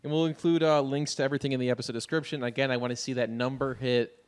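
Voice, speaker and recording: A man hosting a podcast, chatting casually and briskly reading out plugs and contact details. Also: mid-range voice, fairly even intonation, clear, resonant tone. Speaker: podcast host.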